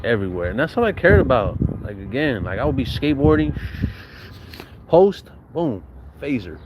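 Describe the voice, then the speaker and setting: A man's voice: medium pitch, big pitch swings, quick pace, background noise. A young man telling stories from his youth in a casual, slangy, profane way, acting out what people said. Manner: slangy, profane, laughs often, acts out quotes. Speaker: storyteller recounting his youth. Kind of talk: casual storytelling monologue.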